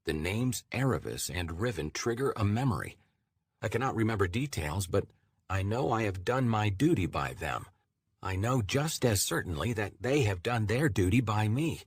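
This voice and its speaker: A man narrating a fantasy audiobook in a measured, steady first-person reading. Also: on the low side, slightly rough, dry recording, clean studio sound.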